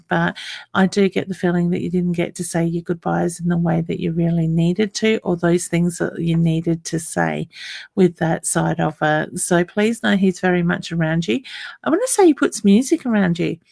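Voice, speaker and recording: Low gravelly-voiced woman psychic medium. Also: normal speed, no echo, clean studio sound. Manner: soft and reassuring, calls people honey and hun; hesitant, with many ums and restarts. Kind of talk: live online reading.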